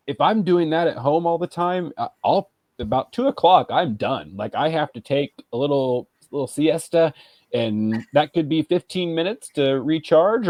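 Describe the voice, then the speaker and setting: A man's voice: fairly high pitch, darkish tone, no echo. A man in his thirties co-hosting a casual podcast, talking in a rambling, reflective way with lots of fillers. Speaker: podcast co-host. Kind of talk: casual chat.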